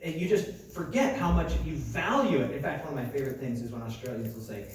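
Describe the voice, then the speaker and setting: A man's voice: mid-range voice, expressive, fast. A young American man, a pastor, telling stories in a chatty, self-mocking conference sermon full of asides and acted-out dialogue. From United States. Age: young adult. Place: large conference hall. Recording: very echoey hall, mic far off.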